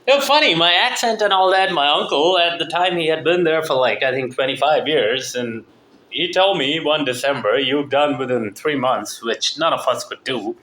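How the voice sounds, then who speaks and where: A man's voice: on the high side, moderate pace, a bit bright, roomy sound. A man who did not grow up speaking English, with a partly Southern American accent, talking in a profane, rambling, opinionated monologue. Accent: mixed, partly American Southern.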